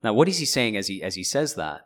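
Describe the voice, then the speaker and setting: A man's voice: fairly low pitch, quick pace. A man giving a verse-by-verse Bible teaching, who explains in a conversational way and often checks in with "right?". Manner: explains and paraphrases in lively asides.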